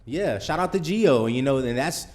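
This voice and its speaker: Laid back guy hosting a podcast, chill chat, middle pitch. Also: expressive, moderate pace, a little mellow. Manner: easygoing, agreeable interjections. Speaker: podcast host. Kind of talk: casual chat.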